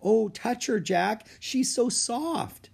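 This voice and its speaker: A man voicing an excited, cheerful young girl in an audiobook, with breathless exclamations. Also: extremely high pitch, drawn-out words, gravelly, slightly rough, voice pushed up, exaggerated voice. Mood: tender. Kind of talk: audiobook character voice.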